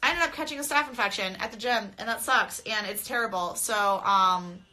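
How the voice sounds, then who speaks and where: A woman's voice: fairly high pitch, fairly quick, bright, forceful tone. A young adult woman fighter chatting casually on a phone live stream, blunt and profane, often laughing as she talks straight to her viewers. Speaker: mixed martial arts fighter. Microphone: phone camera.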